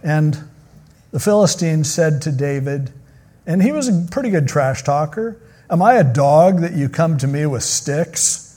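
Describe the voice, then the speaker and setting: A man's voice: fairly high pitch, animated, a little slow, mellow. A man preaching a sermon, retelling a Bible story in a casual, joking way. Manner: casual, joking storyteller who acts out quotes. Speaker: pastor.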